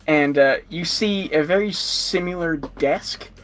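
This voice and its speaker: Slow, rambling man game master. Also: a little high, fairly bright tone. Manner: rambling, filler-heavy, laughs often. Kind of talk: narrating a tabletop game.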